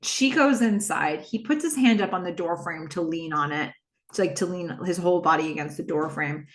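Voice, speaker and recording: A woman hosting a podcast, casually retelling a TV episode scene by scene and acting out the characters' lines. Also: normal speed. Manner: animated retelling, quoting characters with shifting pitch. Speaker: podcast host recapping a TV episode. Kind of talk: casual recap with acted-out dialogue. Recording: roomy echo.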